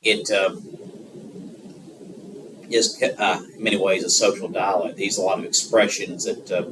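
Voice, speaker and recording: A man with a Southern American drawl talks his way through a geography lesson, often pausing on fillers as he gathers his thoughts. His voice sits on the low side. He is recorded from some distance, with steady background noise under the speech. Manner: rambling, many filler pauses. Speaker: lecturer. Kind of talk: unscripted geography lecture.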